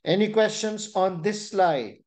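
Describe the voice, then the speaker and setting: A young adult man with a Pakistani English accent teaching an online exam-prep webinar, explaining points deliberately and checking in with "right?" and "you know". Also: high-pitched, darkish tone. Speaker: exam tutor.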